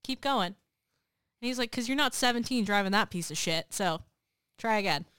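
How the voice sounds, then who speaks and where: A woman chatting casually as a guest, telling lively stories and acting out what people said. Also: on the high side, normal speed, clean tone, no room sound, clean studio sound. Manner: lively storyteller, acts out quotes. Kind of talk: casual profane chat.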